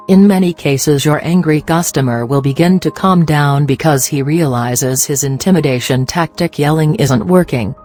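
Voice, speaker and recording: A calm, measured voice reads a customer-service training script as scripted narration, with a mid-range pitch. Soft music plays faintly underneath. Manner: measured, instructional reading. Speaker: narrator of a business training video.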